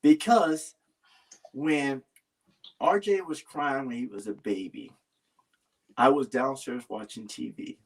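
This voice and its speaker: A man's voice: medium pitch, slow pace, long pauses. A man talking earnestly in a casual heartfelt conversation, rambling and restarting his sentences. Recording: voice a little far from the mic.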